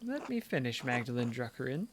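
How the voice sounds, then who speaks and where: A man's voice: medium pitch, big pitch swings, brisk, noisy background. A man voicing a kindly, sly elderly nun in a put-on British accent with a little cockney in it, as he reads game dialogue aloud.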